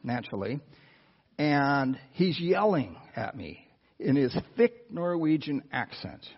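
A man preaching through a personal story, animated, with asides to the listeners. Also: mid-range voice, takes it slowly, slightly rough. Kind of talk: storytelling sermon. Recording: dull lo-fi sound.

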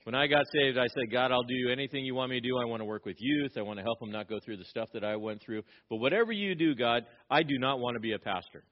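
A man's voice: medium pitch, quick pace, few pauses. A middle-aged man preaching a sermon as a pastor, emphatic and repeating his key phrases, with frequent restarts. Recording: dull lo-fi recording.

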